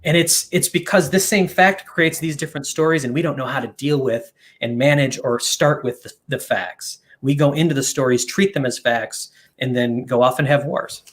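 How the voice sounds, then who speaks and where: A man's voice: mid-range voice, steady tone, normal speed, few pauses. A man guesting on a live stream, earnestly explaining ideas and listing them in long runs. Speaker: guest, company co-founder.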